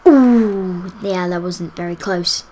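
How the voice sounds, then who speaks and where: A woman giving live commentary on a football video game, excitable, cheering and groaning as the play unfolds. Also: on the low side, slow pace, a little hiss or hum. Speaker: gaming YouTuber.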